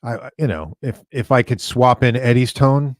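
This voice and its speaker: A man co-hosting a casual show, reading viewer questions in a relaxed, halting way. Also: medium pitch, no room sound, clean studio sound. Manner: relaxed, halting, hedges a lot. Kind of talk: casual chat.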